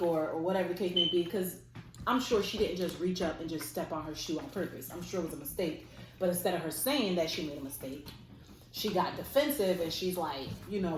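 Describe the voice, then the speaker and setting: Woman vlogger, casual storytime, lowish voice, echoey room. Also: fairly quick. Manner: casual, lively storytelling with fillers. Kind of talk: storytime chat. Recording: echoey room, faint noise.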